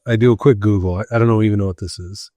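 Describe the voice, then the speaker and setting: Low-voiced man, strained podcast ramble. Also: steady tone, rapid-fire, mellow, no room sound. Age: adult with school-age kids. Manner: rambling, many ums and restarts. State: strained, tired voice. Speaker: podcast host. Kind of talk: casual solo podcast chat.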